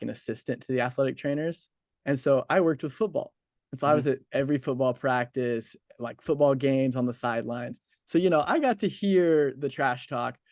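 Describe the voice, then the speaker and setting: A man's voice: mid-range voice, darkish tone, dry recording, clean studio sound. A man in his twenties interviewing a guest in a casual, chatty way, laughing easily and using lots of filler words.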